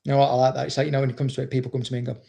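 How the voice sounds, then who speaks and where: Gravelly, blunt, foul-mouthed man. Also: mid-range voice, monotone, rapid-fire, mellow. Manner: blunt, swears constantly, rambling. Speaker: dog trainer. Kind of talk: casual livestream chat, reading viewer comments.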